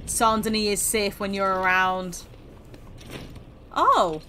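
A woman's voice: medium pitch, slow pace, pushed and bright, a little hiss or hum. A woman hosting a gaming channel, chatting playfully and teasing through her game commentary.

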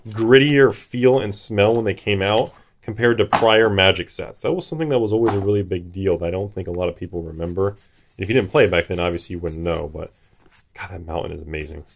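A man's voice: sits low, a little fast, vocal fry. Hyped man opening cards on camera. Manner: hyped, jittery, shouts at big pulls. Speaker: card-opening video host. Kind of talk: excited casual commentary.

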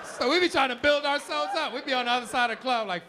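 A man performing a loud, animated, profane stand-up comedy routine on a comedy club stage. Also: extremely high pitch, quick pace, noisy background. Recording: live club audio with crowd laughter.

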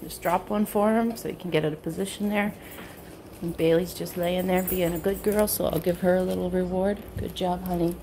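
A woman dog trainer explaining a training session in casual narration at home, switching between high bright praise for her dog and low quiet explanation. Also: fairly even intonation, fairly quick, a little hiss or hum. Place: indoors at home with pets.

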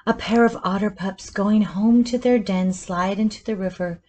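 A woman reading a picture book aloud at storytime, in a slow, soothing bedtime manner. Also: mid-range voice, fairly even intonation, warm tone, slight background noise. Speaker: storytime reader.

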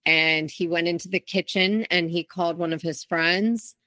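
A woman's voice: on the low side, steady tone, moderate pace, sharp tone, dry recording. A woman guest in an interview, telling her own story in a candid, reflective way with frequent restarts. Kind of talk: interview, personal account.

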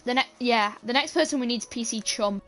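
A young British woman streaming a team game and chatting with her teammates, with sudden shouts and playful swearing. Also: on the high side, a little fast, faint music behind. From Britain. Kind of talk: live gameplay chat.

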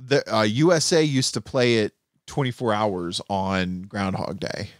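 A man's voice: lowish voice, fairly even intonation, unhurried, no echo, studio quality. A man co-hosting a podcast in casual chat, joking and slipping into put-on accents. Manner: jokey, slips into put-on accents and voices. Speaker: podcast co-host.

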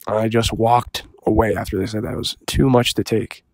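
A young man spins a comic story in a deadpan, self-serious way, rambling along with fillers. His voice sits at an ordinary pitch and sounds dry and close to the mic. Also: fast, vocal fry, no echo. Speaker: comedy storyteller. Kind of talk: deadpan comedic story monologue.

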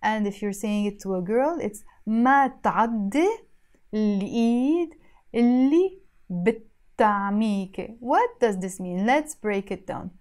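A woman with a Lebanese accent teaching a spoken language lesson, saying each phrase, then repeating it slowly and breaking it down word by word. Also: medium pitch, lively intonation, darkish tone.

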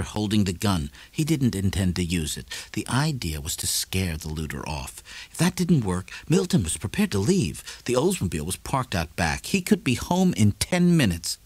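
A man reading a novel aloud in measured, lively storytelling narration. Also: low voice, slightly rough, no echo. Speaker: audiobook narrator. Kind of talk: scripted narration.

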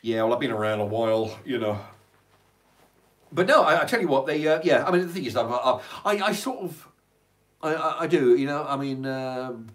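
An older man's medium-pitched, animated voice moves at a moderate pace as he hosts a livestream. He's reading chat comments aloud and chatting casually, drifting between topics, repeating words and swearing.

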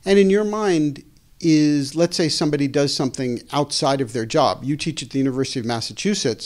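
A man hosting an interview about higher education, putting questions and hypothetical cases to his guest. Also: a little mellow. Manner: poses hypothetical scenarios to the guest. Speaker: host, educational consultant.

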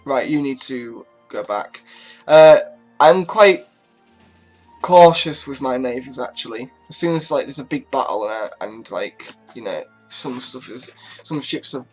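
Over faint background music, this gaming YouTuber speaks a little slowly at a medium pitch with a breathy edge. His strategy game commentary is relaxed and chatty, peppered with swearing and remarks to his units as he moves them.

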